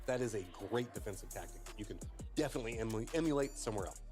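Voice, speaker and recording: A man analysing esports matches on a live panel. He talks very fast in long, analytical runs, with a mid-range voice. Faint music runs beneath him. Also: lowish voice, expressive, darkish tone. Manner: rapid, analytical breakdowns.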